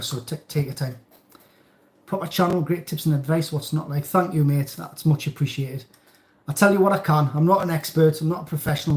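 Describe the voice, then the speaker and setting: A middle-aged man with a Geordie accent, hosting a live stream in a relaxed, rambling, jokey way as he reads out viewers' comments at home. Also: a little high. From North East England. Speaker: channel host. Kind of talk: casual live-stream chat reading comments. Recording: roomy echo.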